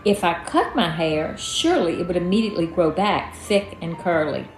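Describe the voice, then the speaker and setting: A woman's voice: on the low side, animated, moderate pace. A woman reading her own memoir aloud in a folksy storytelling manner. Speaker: storyteller, author. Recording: echoey room, faint music.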